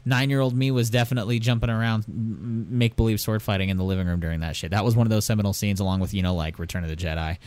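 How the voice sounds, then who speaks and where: Animated, storytelling man, lowish voice. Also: racing, hardly any pauses, no echo. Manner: animated storyteller, swears freely, acts out quotes. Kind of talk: casual chat. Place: garage.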